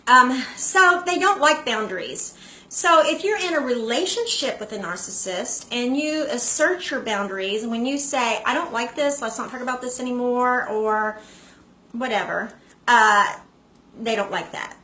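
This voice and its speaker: A woman's voice: a little high, expressive, normal speed, pushed and bright, a little hiss or hum. A woman hosting a live stream, chatting casually to viewers and greeting them by name. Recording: echoey room.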